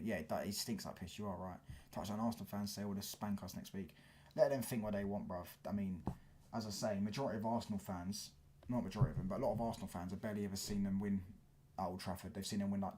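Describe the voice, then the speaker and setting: This relaxed, slangy football stream is hosted by a man from London with a lowish voice who responds to chat in a rambling way. He keeps checking his audience follows along with "do you get what I'm saying," and there's a little background noise.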